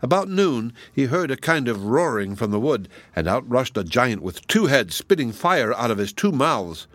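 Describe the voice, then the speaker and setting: A man narrating an old folk tale aloud in a lively storybook reading. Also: medium pitch, moderate pace, no room sound.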